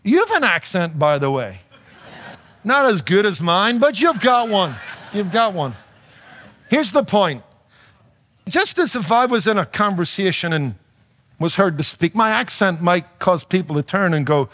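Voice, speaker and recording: A man's voice: high-pitched, sing-song, measured pace, pauses often, fairly bright tone. A man preaching a sermon with a noticeable accent that is not local to his listeners, emphatic and playful, with rhetorical questions. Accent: non-native to his audience, noticeable. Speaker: pastor and radio preacher.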